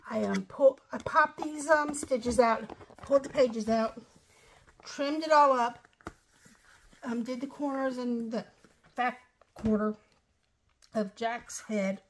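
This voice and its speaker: A woman's voice: fairly high pitch, slow, long pauses, a little hiss or hum. Chatty, rambling woman showing crafts. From Ohio, USA. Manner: chatty, rambling, apologetic asides. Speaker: craft vlogger. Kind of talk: casual show-and-tell craft walkthrough.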